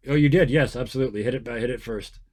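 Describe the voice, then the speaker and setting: A man serves as game master, narrating a tabletop fight in a relaxed, joking tone. His voice sits at a middling pitch, and he sniffs now and then between phrases. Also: fast talker.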